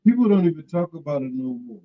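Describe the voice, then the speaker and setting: A man's voice: on the high side, sing-song, fast talker. A man hosting a casual political chat who teases his guests and keeps the call running. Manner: joking, teasing, runs the call. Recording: muffled lo-fi call audio.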